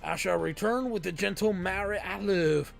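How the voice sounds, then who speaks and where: A man's voice: high voice, moderate pace, vocal fry, faint music behind, voice pushed up. A man voicing a determined young hero in a video game, earnest and solemn.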